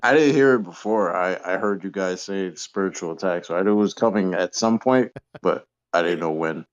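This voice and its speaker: Very deep man on a muffled call. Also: moderate pace. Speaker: panel guest. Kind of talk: casual panel chat.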